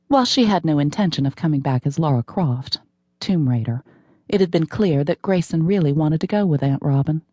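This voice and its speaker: A woman narrating a novel with wry, measured scripted narration on a close studio microphone. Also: low-pitched, expressive, dark tone, no room sound. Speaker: audiobook narrator.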